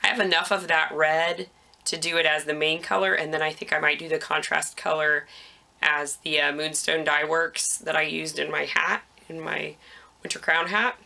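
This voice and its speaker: A woman's voice: low voice, fairly even intonation, moderate pace, vocal fry, pushed and bright. A woman hosting a knitting podcast, chatting casually about her projects with frequent ums, a little out of breath.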